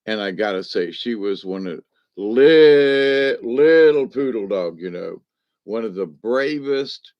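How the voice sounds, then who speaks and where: A man with a lowish voice tells a long personal story, drifting from one thought to the next in a folksy, loose way with homespun slang. The recording is dull and lo-fi, and very dry with no room sound. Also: dry recording. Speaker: vlogger telling a personal story. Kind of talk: casual rambling storytelling.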